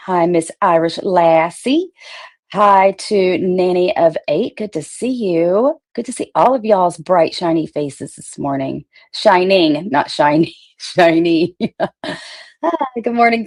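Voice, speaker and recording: A woman's voice: mid-range voice, darkish tone. A woman hosting a casual livestream, greeting viewers by name and swearing freely. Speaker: livestream host.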